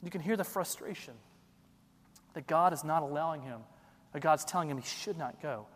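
A man's voice: a little high, moderate pace, in a large hall. A man preaching a sermon, building emphasis and asking rhetorical questions. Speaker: pastor.

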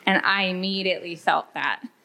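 A woman in her thirties telling an audience a candid, animated story from her own family life. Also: on the low side, brisk. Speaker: workshop speaker.

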